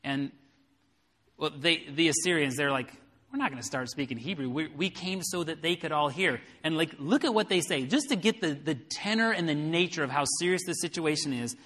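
A man's voice: fairly high pitch, expressive, fairly quick, a bit bright. A man preaching a sermon, explaining a Bible passage verse by verse and retelling it in everyday words. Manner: expository Bible preaching with paraphrase. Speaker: pastor. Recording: long hall reverb.

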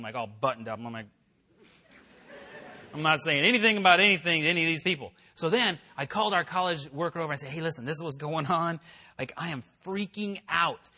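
A man preaching, telling a personal story in a chatty, animated way and acting out the voices he quotes. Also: fairly high pitch, a little fast. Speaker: pastor. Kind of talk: sermon storytelling. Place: church worship center.

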